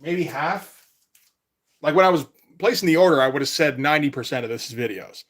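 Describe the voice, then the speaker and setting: A man's voice: fairly high pitch, brisk, a little hiss or hum. A man chatting casually on a live stream as a comic artist, rambling and laid-back, with casual swearing.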